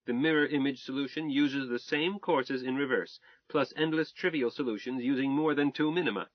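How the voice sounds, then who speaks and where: A man's voice: medium pitch, fairly quick, dry recording, natural voice. A man reading a math-minded young wife in an audiobook, earnest and precise as she recites calculations, on a dull, dry recording.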